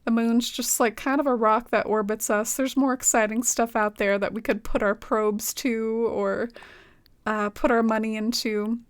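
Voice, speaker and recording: A woman's voice: a little high, steady tone, normal speed, smooth, dry recording, studio quality. A woman streaming a game, chatting casually and rambling, often saying "like". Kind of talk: casual live-stream chat.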